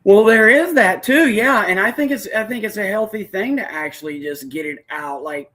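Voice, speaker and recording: A man's voice: sits high, moderate pace, pushed and bright. A man hosting an interview podcast, encouraging his guest with frequent short affirmations and asking long, rambling questions. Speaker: podcast host. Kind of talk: casual interview conversation.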